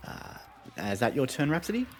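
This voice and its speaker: A man narrating a tabletop game as game master, relaxed and hesitant with many fillers. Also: mid-range voice, moderate pace.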